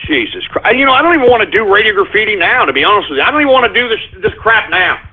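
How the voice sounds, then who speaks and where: A man with a high, breathy, husky voice hosts an internet radio show and rants at his audience. His delivery is scornful and full of profanity. The sound is thin and boxy, like a phone line. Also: expressive, rapid-fire. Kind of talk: angry call-in radio rant.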